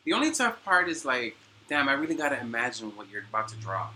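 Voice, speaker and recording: A New York man with a very bright, sharp voice chats on a podcast, bubbly and animated. His pitch jumps all over the place, with a faint noise floor behind him. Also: fast, low-quality recording. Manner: animated, bubbly, laughs often. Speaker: podcast co-host. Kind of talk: casual chat.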